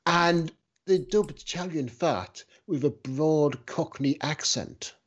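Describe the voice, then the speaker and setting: A man in casual podcast chat, talking hesitantly with many pauses and fillers. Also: on the high side. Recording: dull lo-fi audio.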